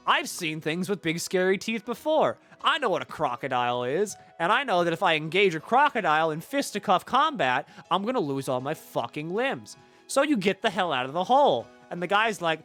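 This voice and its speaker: A young man streaming a game, retelling its story with animated, sarcastic and profane commentary. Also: high voice, a little fast, faint music behind. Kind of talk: casual gameplay commentary.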